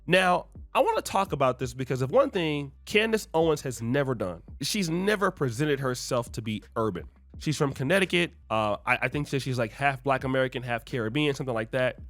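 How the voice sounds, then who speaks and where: A man hosting a commentary video, talking in a conversational, animated way with many fillers. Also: fairly high pitch, no echo. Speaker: commentary host. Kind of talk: commentary on online feuds.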